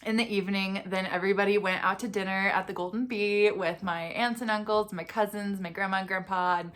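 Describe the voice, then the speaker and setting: A woman's voice: mid-range voice, fairly bright tone. Young adult woman, vlogger, casual storytelling, chatty filler-heavy delivery. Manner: chatty, peppered with "like" and "you know".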